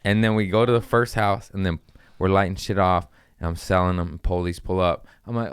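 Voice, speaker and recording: Deep-voiced, animated young Californian man. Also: fairly quick, clear, resonant tone, no echo, studio quality. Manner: animated, acts out quotes with sudden pitch jumps, swears freely. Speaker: comedian telling a story. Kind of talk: casual storytelling on a podcast.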